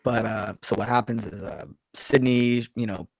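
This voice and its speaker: A man's voice: medium pitch, moderate pace, gravelly, no echo, studio quality. A man casually discussing a horror movie with friends on a podcast, acting out lines from scenes. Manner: animated, acts out movie lines. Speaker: podcast co-host.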